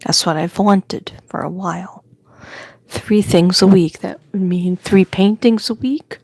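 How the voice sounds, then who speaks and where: A woman's voice: mid-range voice, measured pace, a little mellow, slightly rough, no echo. An older woman with a New York accent, chatting casually and telling rambling stories on a livestream. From Staten Island, New York. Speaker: livestream host. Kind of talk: casual chat.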